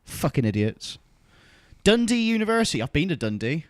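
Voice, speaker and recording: A man's voice: fairly high pitch, sing-song, moderate pace, dry recording. A man hosting a casual podcast, ranting and swearing in mock outrage. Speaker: podcast host.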